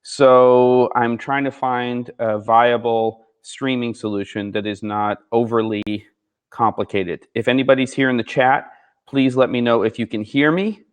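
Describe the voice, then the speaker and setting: A man's voice: mid-range voice, fairly even intonation, unhurried, clean tone. A man hosting a live gear show, chatting casually with viewers and reading out their comments, in a slightly sleepy morning voice. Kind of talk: casual live-stream chat. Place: second floor of a barn studio.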